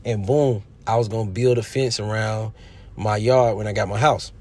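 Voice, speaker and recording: Man, casual commentator, preachy and emphatic, loud bursts then quiet asides. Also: fairly low pitch, fairly even intonation, moderate pace. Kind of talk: casual opinion monologue.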